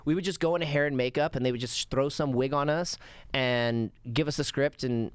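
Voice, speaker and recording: A man's voice: mid-range voice, a little fast, smooth, no room sound. A man chatting as a podcast guest, telling stories animatedly and acting out old scenes. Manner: animated storyteller, acts out scenes and laughs. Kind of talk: casual chat.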